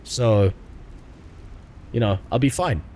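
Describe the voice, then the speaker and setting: A man's voice: medium pitch, takes it slowly, warm tone, slight background noise. A man streaming a game, reading the dialogue aloud and making crude, profane jokes. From South Africa. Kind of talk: casual gaming stream commentary.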